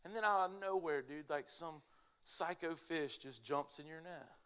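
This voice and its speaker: Animated young male preacher. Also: fairly high pitch, normal speed, smooth. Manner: animated, casual storytelling with lots of "like". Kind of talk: sermon.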